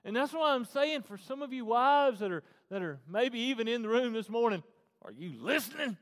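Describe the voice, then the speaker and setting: A man preaching a sermon as pastor, swinging from hushed, tender passages to loud, fervent ones. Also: very high-pitched, expressive, moderate pace. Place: church. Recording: long hall reverb.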